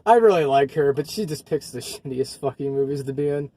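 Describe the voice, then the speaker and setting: A man's voice: on the high side, animated, brisk, warm tone. A man casually chatting about bad movies, rambling and swearing often, with frequent laughs. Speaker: co-host. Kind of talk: casual movie review chat.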